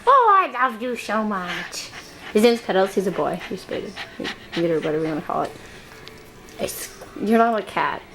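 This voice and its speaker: A young woman filming a casual home video of her dog, giggling, cooing and scolding him. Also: normal speed. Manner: giggly, scolds and coos at her dog, goes shrill when excited. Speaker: dog owner vlogger. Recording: noisy home camera recording.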